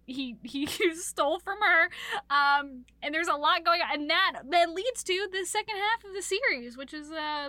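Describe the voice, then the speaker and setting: A woman's voice: high-pitched, dry recording. A woman co-hosting a podcast, recapping a book in casual chat with lots of swearing and acted-out quotes. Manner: animated, swearing, acts out characters' lines. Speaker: podcast co-host.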